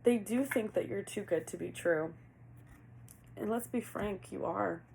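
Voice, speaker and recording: A woman's voice: mid-range voice, unhurried, vocal fry, a little mellow, slight background noise, rough recording. A woman giving a casual tarot reading, earnest and heartfelt, talking as if she were channeling messages. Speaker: tarot reader.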